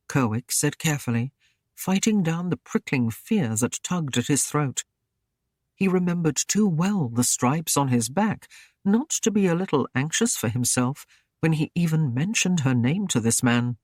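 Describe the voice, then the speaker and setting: A man narrating a historical romance audiobook in an even, steady storytelling manner. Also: mid-range voice, a little slow, no echo, studio quality.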